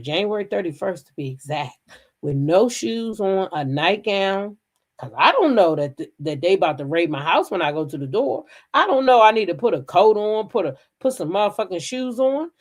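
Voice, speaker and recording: A middle-aged woman with a low speaking voice tells a personal story straight to her viewers. Her pitch leaps and dives as she drops to hushed asides, then bursts out loud, swearing freely. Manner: animated, profane, swings from hushed to loud outbursts. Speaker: storyteller recounting a police raid.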